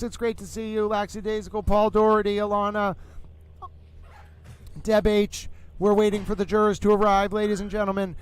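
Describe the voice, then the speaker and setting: A man hosting a livestream about a trial, talking in a mock-grandiose, drawn-out sports-announcer manner. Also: sits high, clean tone. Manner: pompous, drawn-out announcer delivery. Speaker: livestream host covering a trial.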